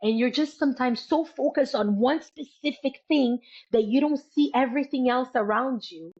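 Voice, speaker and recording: A woman's voice: high-pitched, normal speed, darkish tone, husky. Woman interview guest, earnest emphatic delivery, muffled lo-fi audio. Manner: earnest, emphatic, repeats key words. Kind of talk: motivational interview talk.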